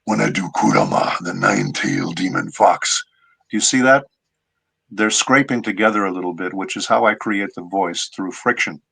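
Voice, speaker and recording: A man voicing a male nine-tailed demon fox with a raspy, gravelly, whispery voice. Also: low-pitched, sing-song, moderate pace, a bit bright, exaggerated voice. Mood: menacing.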